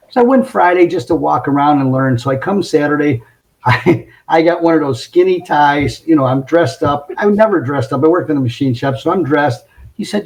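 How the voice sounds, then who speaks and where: A man's voice: a little high, fairly quick, gravelly, rough recording. A middle-aged man telling car-sales stories in casual chat, laughing as he goes. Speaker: podcast guest. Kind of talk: casual storytelling. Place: home closet.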